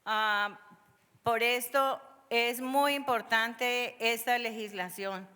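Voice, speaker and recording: Bright, pleading woman in a chamber. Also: a little high, fairly even intonation, slow, clean tone. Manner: impassioned, pleading. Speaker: public commenter. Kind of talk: pleading public testimony. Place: large council chamber. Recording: long hall reverb.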